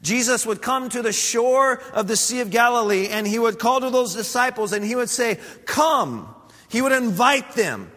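A man with a high voice delivers a sermon as pastor. He speaks earnestly and steadily, building points through repetition. A long reverb trails his words, as in a large hall. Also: a bit bright. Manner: earnest, measured preaching with repeated phrases.

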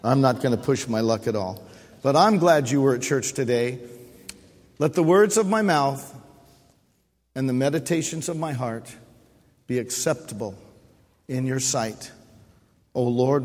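Husky preacher in a reverberant church. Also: male voice, mid-range voice, normal speed, darkish tone. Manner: preaching with repetition and call-and-response. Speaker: pastor. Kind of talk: sermon. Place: church sanctuary. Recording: long hall reverb.

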